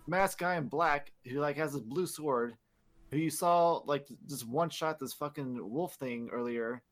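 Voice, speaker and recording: A man's voice: on the high side, a little slow. A man hosting a podcast, recapping in a rambling, casual way, swearing often and leaning on filler words. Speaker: podcast host. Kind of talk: casual chat.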